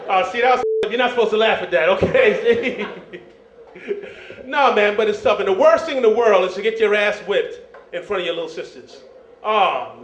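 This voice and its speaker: On a club stage, a Jamaican-born comedian does a loose, chatty stand-up set, sprinkling in "man" and "you know." His voice is extremely high and a bit bright, and the club recording sounds roomy and dull.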